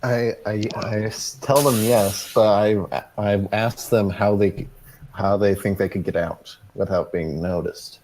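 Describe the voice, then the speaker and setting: A man's voice: on the low side, steady tone, a little slow, a little mellow, a little hiss or hum, poor audio. A young man playing in a tabletop game, tentative and thinking aloud. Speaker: player. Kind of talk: casual tabletop play.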